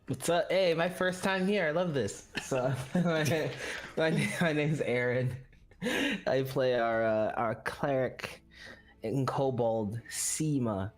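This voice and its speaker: A man, a first-time player, introducing his character in an eager, halting way. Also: medium pitch. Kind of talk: casual chat.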